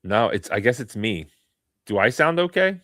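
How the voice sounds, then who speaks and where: A man's voice: on the low side, sing-song, normal speed, a bit bright, no room sound. A man hosting a live online talk stream, reading aloud with mock-serious sarcasm. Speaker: host.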